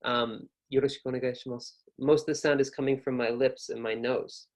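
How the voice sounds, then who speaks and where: A young man with an American accent leads an online lesson on pronunciation. He talks in a relaxed, explanatory way and sounds out each example himself. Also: medium pitch, normal speed. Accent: General American. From North America. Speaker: pronunciation teacher.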